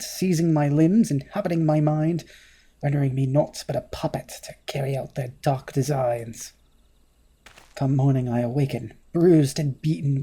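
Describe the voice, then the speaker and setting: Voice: medium pitch, dark tone, husky. A gamer voicing a timid, apologetic young man from a fantasy game, stammering in formal, old-fashioned speech. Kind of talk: voice-acted game dialogue reading.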